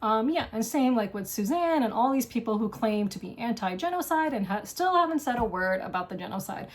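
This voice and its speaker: A woman's voice: fairly high pitch, lively intonation, a little fast. A woman hosting a board game show, delivering an angry, impassioned, profane solo rant. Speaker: board game video host. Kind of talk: solo ranting monologue.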